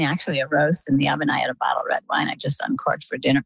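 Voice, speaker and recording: A middle-aged woman from the United States, telling her story in a lively, conversational way as an interview guest. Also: sits low, racing, gravelly, slightly rough, no room sound, low-quality recording. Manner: animated, lively retelling.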